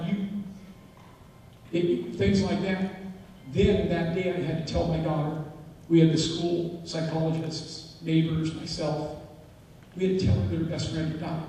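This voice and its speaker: A middle-aged father giving an emotional, halting personal testimony to a school assembly. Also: fairly high pitch, little pitch movement, warm tone, slight background noise. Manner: emotional, halting, with repeated phrases. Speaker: father giving a talk to students. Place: large indoor hall, school assembly. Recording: echoey hall from far off.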